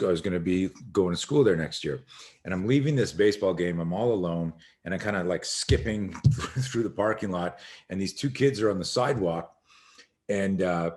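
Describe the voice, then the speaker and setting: Low-voiced man telling an animated story. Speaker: podcast guest, self-defense instructor. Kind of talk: storytelling in a podcast interview.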